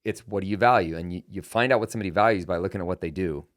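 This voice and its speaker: Racing along in a voice that sits low, this middle-aged man shares a personal story on his podcast. It's lively, chatty storytelling, and he acts out every quoted exchange.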